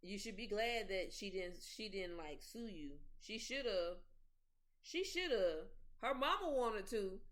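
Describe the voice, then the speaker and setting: A woman's voice: medium pitch, expressive, a little slow, a bit bright. A woman hosting a casual gossip podcast, telling stories with animation and mimicking the people she talks about. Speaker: podcast host.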